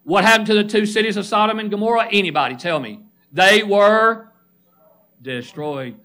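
A man's voice: sits high, normal speed, pushed and bright. A middle-aged male preacher giving a sermon, emphatic, firing questions at the congregation and calling listeners by name.

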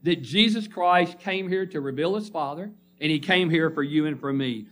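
A man's voice: a little high, moderate pace, a bit bright. A man preaching a sermon to a congregation, reading scripture and calling for responses. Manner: emphatic call-and-response preaching. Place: church congregation.

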